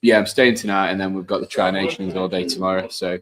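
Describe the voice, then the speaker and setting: A man's voice: low voice, steady tone, quick pace, crowd noise. A man in a casual chat, easygoing and often calling his friend "mate".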